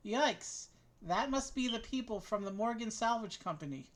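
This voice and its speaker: A woman's voice: on the high side, animated, normal speed. A woman playing a game with a friend, reading dialogue aloud with wry comments. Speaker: co-host of game stream.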